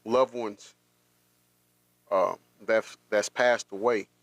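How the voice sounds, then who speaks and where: A man hosting a podcast, telling a personal story in a halting, emotional way with many restarts. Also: lowish voice, steady tone, no echo. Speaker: podcast host.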